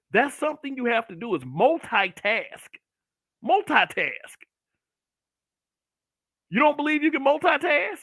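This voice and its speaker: An extremely high-pitched, sharp voice with no room sound belongs to a middle-aged man running his own online broadcast. In brutally honest solo commentary, he rants bluntly, swears heavily and mocks others with put-on voices.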